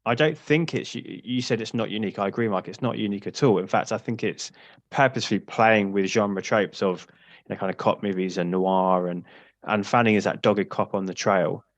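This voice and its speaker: A man hosting a film podcast, talking in a measured, analytical way. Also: lowish voice, dry recording. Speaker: podcast host. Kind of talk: casual chat.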